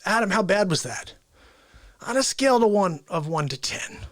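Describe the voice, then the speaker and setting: A man's voice: sits high, expressive, moderate pace, fairly bright tone, dry recording, clean studio sound. A man hosting a live variety show, chatting casually and joking at his own expense while out of breath. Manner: playful, self-mocking, upbeat. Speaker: host.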